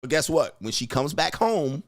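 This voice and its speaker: A man's voice: fairly high pitch, sing-song, normal speed, no echo, clean studio sound. A man hosting a casual commentary show, talking bluntly and profanely and acting out quotes in other voices. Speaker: relationship commentator and host. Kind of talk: casual commentary reacting to clips.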